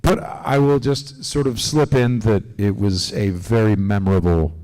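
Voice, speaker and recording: A man as a convention panel guest, telling animated, rambling stories with lots of restarts. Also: medium pitch, a little slow. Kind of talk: casual storytelling on a live panel. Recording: long hall reverb.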